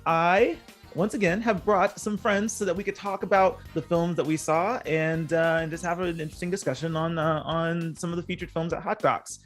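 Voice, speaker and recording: A man's voice: fairly high pitch, steady tone, normal speed, fairly bright tone, faint music behind. A man hosting a casual chat over a call, upbeat and chatty, laughing easily. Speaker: podcast host.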